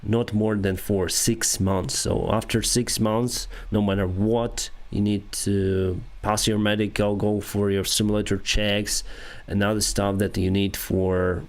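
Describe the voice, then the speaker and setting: A man with a Ukrainian accent, hosting a casual livestream and answering viewers, with halting speech and frequent restarts. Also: lowish voice, little pitch movement. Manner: halting, many restarts and fillers, reads comments aloud. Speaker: airline pilot and livestream host. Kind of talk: casual livestream chat reading viewer comments.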